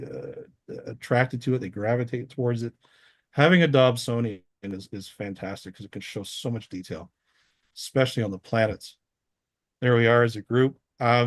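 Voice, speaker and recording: A man's voice: medium pitch, no room sound, clean studio sound. A man giving a casual, rambling talk over a slideshow of photos, with frequent restarts. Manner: rambling, many restarts, easygoing. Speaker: guest astronomer.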